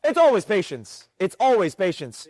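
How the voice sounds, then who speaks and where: A man teaching a live day-trading class, energetic and firing rhetorical questions at his students. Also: high voice, normal speed, no room sound, studio quality. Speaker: trading instructor. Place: room with students present.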